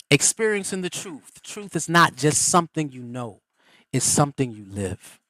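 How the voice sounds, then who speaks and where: A man's voice: fairly high pitch, no echo, rough recording. A middle-aged man hosting a live stream, giving a motivational teaching in a folksy, preacherly way. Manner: animated, preacherly, folksy and quick. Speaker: host.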